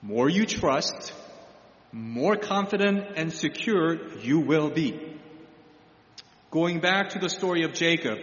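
A man preaching a teaching sermon as a pastor, explaining slowly and often restarting his phrases. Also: on the high side, fairly bright tone. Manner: explanatory, halting with repeated restarts. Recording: echoey hall, dull lo-fi sound.

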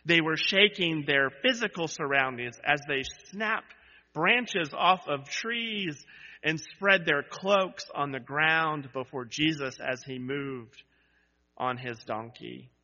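In a church sanctuary, a male pastor preaches a sermon to his congregation, his voice slow, sharp and on the high side. He builds to emphatic, repeated cries, then drops into conversational asides. The recording sounds dull, with long church reverb.

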